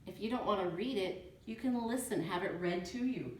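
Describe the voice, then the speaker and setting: A woman's voice: medium pitch, moderate pace, darkish tone. A woman librarian giving a chatty screen-share tutorial, thinking aloud as she clicks through a research tool. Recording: echoey room.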